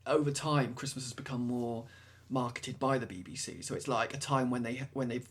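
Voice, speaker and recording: Husky rambling British man. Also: medium pitch, brisk. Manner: rambling, many restarts and fillers. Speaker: podcast co-host. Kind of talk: casual chat.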